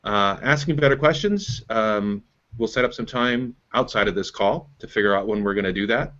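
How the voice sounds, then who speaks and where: Low-voiced man coaching on a call. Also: normal speed, fairly bright tone, dull audio. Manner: explanatory, repeats "right?" to check in. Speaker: business coach and host.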